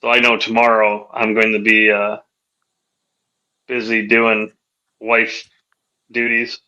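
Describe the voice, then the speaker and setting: A man's voice: fairly low pitch, monotone, slow pace, pushed and bright, lo-fi sound. A man hosting a podcast in easygoing, rambling casual chat. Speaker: podcast host.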